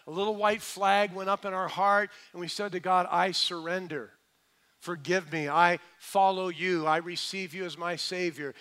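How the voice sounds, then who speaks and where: A middle-aged male pastor preaching a sermon, building to emphatic points and then dropping soft and low.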